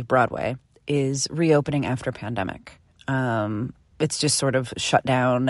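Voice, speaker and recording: A woman with a low, grounded voice tells a personal story in a loose, animated, conversational way, swearing now and then. The sound is close and dry, with no room around her. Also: dry recording. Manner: animated, chatty, swears casually. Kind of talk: casual storytelling.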